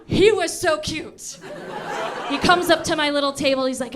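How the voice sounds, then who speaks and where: A woman's voice: sits high, normal speed, background noise. A woman in her thirties doing a stand-up comedy set in a comedy club, telling self-mocking stories playfully into a handheld mic. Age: 30s.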